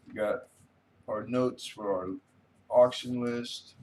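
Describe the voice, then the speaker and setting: A man's voice: on the low side, extremely slow, pauses often, slight background noise. A man hosting a casual late-night livestream, rambling easily and reading viewer comments aloud. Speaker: livestream host.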